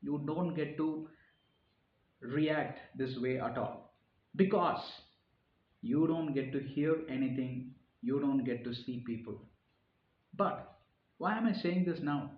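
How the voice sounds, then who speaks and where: A man delivers an earnest, informal sermon-style reflection, often repeating phrases and pressing harder on his key points. His voice is a little high, slow and full of pauses, with roomy, phone-quality sound.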